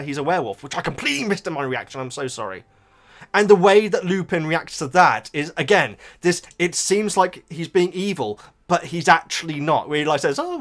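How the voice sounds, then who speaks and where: A man talks through a book in a loose, rambling way, laughing as he goes. His voice is bright and lifts and drops all over the place, and soft music plays underneath. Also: fairly high pitch. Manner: rambling, enthusiastic, laughs often. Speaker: YouTube reactor. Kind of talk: casual chat, book review.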